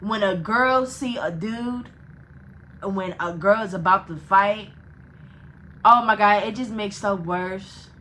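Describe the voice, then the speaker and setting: A young woman vlogger telling a casual storytime, animated and profane, laughing between phrases. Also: medium pitch, slow pace, a little hiss or hum, low-quality recording.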